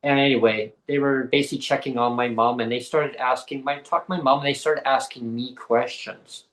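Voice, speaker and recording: A man tells a story on a podcast with lively energy and jumps into the voices of the people in it. His voice sits at an average pitch for a man, and his speech comes in loose, conversational bursts. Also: a little fast, poor audio. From Canada. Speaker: podcast guest. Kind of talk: casual storytelling.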